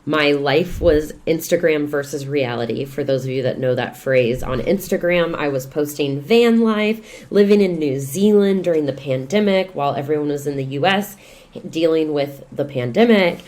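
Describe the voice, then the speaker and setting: A woman, a real estate investor and coach, talking as a podcast guest in lively, expressive storytelling. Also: deep voice, normal speed. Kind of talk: casual podcast conversation.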